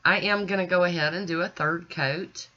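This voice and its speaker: Woman, stuffy nasal voice, bright and forceful, chatty nail host, dull lo-fi recording. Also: on the low side, fairly even intonation, moderate pace. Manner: chatty, gushing and folksy. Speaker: nail art channel host. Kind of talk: casual demonstration chat.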